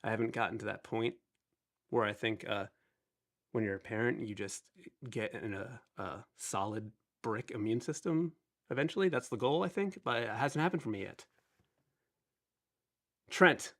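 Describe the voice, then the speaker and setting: A man's voice: medium pitch, normal speed, a bit bright. A man in his thirties with a slightly nasal voice, hosting a casual live stream, chatty and rambling as he greets viewers. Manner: chatty, rambling, self-deprecating. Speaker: livestream host.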